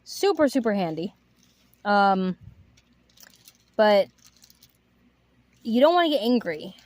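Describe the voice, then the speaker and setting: A woman's voice: medium pitch, big pitch swings, slow, a little mellow. A woman who runs an animal rescue, chatting casually and giving upbeat tips on training dogs. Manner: chatty, upbeat, full of fillers.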